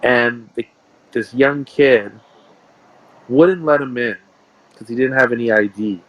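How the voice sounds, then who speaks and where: A man's voice: medium pitch, measured pace, a bit bright, no room sound, rough recording. A man, a sports card shop owner, telling rambling stories in a casual interview and repeating himself.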